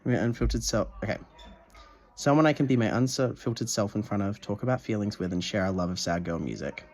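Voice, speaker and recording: Gushing young man vlogging, low voice. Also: a little fast. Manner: gushing, swears freely, stumbles when reading aloud. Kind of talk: casual video diary.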